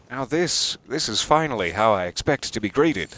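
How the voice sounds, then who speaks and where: A man's voice: lowish voice, sing-song, normal speed, few pauses, a bit bright. A man giving casual, playful commentary while playing a game, talking theatrically to the characters and joking at his own expense. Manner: self-deprecating asides. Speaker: let's play streamer.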